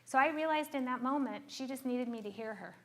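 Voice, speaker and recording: Middle-aged woman therapist, slightly high voice, earnest explainer who keeps checking in with her audience. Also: fairly quick, fairly bright tone, a little hiss or hum. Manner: earnest, checks in with frequent rhetorical questions.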